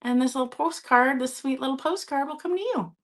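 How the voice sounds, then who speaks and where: A woman's voice: high-pitched, fairly quick. A woman hosting a live-stream vintage sale, chatty and casual, often checking in with her viewers.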